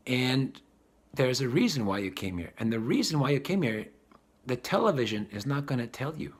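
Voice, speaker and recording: A man giving a spiritual talk, animated and acting out the voices of the people he describes. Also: mid-range voice, moderate pace, breathy edge. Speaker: spiritual teacher.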